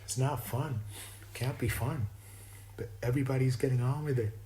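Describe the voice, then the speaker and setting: A man's voice: medium pitch, normal speed, mellow, rough recording. A man with a self-described imperfect East Coast American accent, giving a rambling spiritual monologue and often stopping to restart his sentences. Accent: East Coast American, self-described as not perfect. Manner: meandering and reflective, with frequent restarts.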